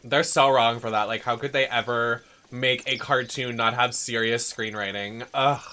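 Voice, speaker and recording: A young man streaming a video game, ranting in a dramatic, sweary way that swings from shouting to muttering. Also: medium pitch, fairly even intonation, normal speed. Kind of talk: casual rant while gaming.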